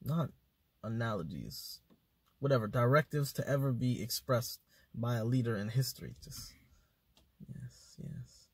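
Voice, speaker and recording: A man chatting as a podcast guest, animated and slangy as he tells stories, swearing freely. His voice sits at a middling pitch with a husky, breathy grain. It is recorded close and dry. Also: normal speed, no room sound. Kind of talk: casual conversation.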